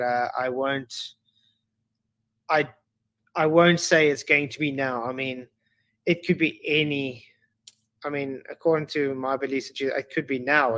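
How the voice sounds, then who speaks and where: A South African man, Afrikaans by first language, answers in a casual interview. He talks in a halting way, restarting his sentences often, at a middling pitch. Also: a bit bright. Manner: halting, with frequent restarts and fillers. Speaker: interview guest.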